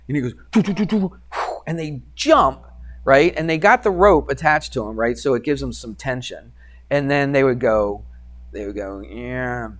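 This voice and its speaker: A male math teacher telling a classroom story in a lively lecture, acting out quoted voices and sound effects for his students. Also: medium pitch.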